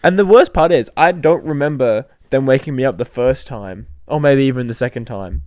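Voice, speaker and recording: A man's voice: normal speed, a little mellow, no echo, studio quality. A young man, co-hosting a casual podcast chat and telling rambling stories with lots of fillers. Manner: rambling storyteller who jumps pitch acting out quotes. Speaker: podcast co-host.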